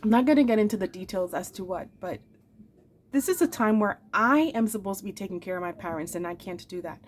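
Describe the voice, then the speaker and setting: A woman's voice: medium pitch, fast, slight background noise. Earnest woman vlogger pouring her heart out. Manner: earnest and emotional, addressing viewers as "my darlings"; repeats phrases for emphasis. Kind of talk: heartfelt confessional vlog talk.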